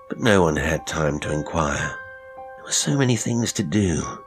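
A man narrating a classic horror short story in a measured, unhurried way. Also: a bass voice, expressive, music in the background. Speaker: narrator and producer.

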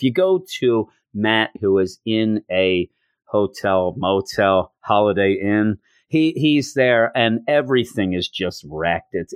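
A middle-aged man hosting a comic book podcast, animated and gleeful, acting out the dialogue as he recaps it. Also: fairly low pitch, no echo. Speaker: podcast host.

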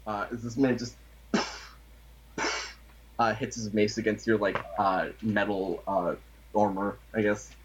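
A man running a tabletop role-playing game as game master, talking casually with many pauses and fillers. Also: on the low side, flat delivery, dull audio, slight background noise.

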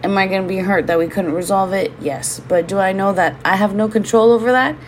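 A woman's voice: medium pitch, fairly quick, a little hiss or hum. A woman from Hawaii, hosting a casual solo podcast from home, talking candidly, swearing freely and drifting into side rants. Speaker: podcast host.

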